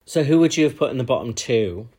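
A man co-hosting a casual show review, giving measured opinions with frequent hedges. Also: mid-range voice, lively intonation, darkish tone, breathy edge. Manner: measured, hedging opinions with fillers. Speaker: podcast co-host.

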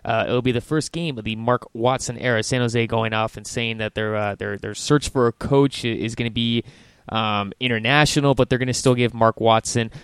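Smooth-voiced man previewing soccer matches. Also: mid-range voice, steady tone, normal speed, a bit bright, dry recording. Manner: upbeat, hesitant fillers. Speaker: podcast co-host. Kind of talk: casual soccer talk.

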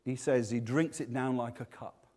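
A man preaching a sermon, swinging between loud, emphatic passages and hushed, slow ones. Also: mid-range voice, steady tone.

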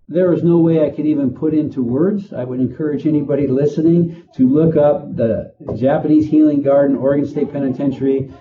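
A man working in prison administration, answering interview questions slowly with many pauses and fillers. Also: mid-range voice, narrow, tinny audio. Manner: slow, halting, with many fillers.

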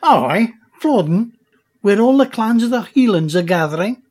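A man voicing a proud Highland chieftain, a talking egg in a storybook, with a Scottish accent. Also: expressive, a little mellow. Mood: hearty. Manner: proud, brisk, aloof.

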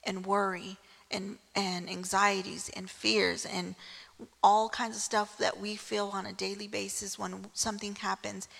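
A woman's voice: mid-range voice, little pitch movement, unhurried, creaky, fairly bright tone, husky, big-room sound. A woman preaching a casual sermon, telling the story in a chatty way with frequent "right?" asides.

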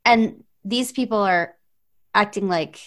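A woman hosting a podcast, asking follow-up questions in a relaxed, conversational way and often murmuring agreement. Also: mid-range voice, slow pace. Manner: conversational, supportive back-channeling. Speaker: podcast host. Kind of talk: casual interview.

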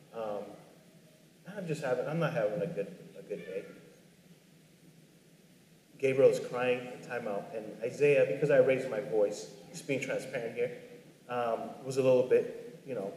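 A man in his thirties telling a personal story as a father, earnest and halting, with many restarts. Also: medium pitch, dark tone. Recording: echoey room with long reverb.

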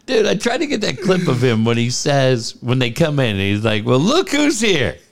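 A man's voice: medium pitch, lively intonation, normal speed, gravelly. A man co-hosting a sports podcast in casual, blunt and profane talk. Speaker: podcast co-host.

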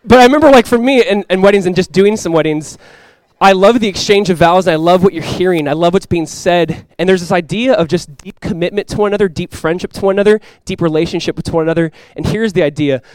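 A young male pastor preaches quickly in a slightly high voice. He speaks casually with lots of "like," dropping to quiet, earnest lows and rising to loud, excited highs. The sound is dry and close to the mic. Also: smooth, no echo. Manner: casual and conversational, with many "like" fillers. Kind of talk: sermon.

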